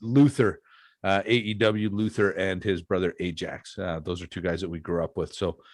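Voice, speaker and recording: A man's voice: deep voice, steady tone, moderate pace, dry recording. A man hosting a podcast, chatting casually and telling stories with lots of fillers. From Canada. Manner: laid-back storytelling with frequent fillers. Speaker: podcast host. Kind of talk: casual chat.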